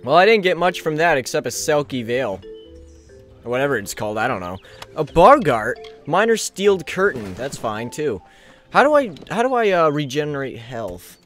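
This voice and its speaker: A man's voice: fairly high pitch, big pitch swings, normal speed, a bit bright, soft background music. A man recording let's play commentary, goofy and laughing, mock-outraged at the game. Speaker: gaming channel host.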